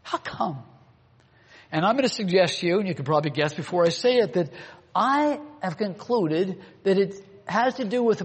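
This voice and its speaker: High-voiced man preaching in a reverberant hall. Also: husky. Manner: earnest, rhetorical questions to the room. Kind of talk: sermon.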